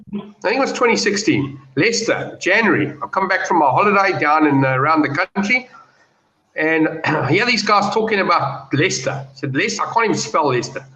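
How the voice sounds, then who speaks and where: A man's voice: a little high, normal speed, a little hiss or hum. A man giving confident betting views and telling stories in a casual panel chat over a video call. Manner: animated, storytelling, confident. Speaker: betting pundit. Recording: roomy, dull lo-fi call audio.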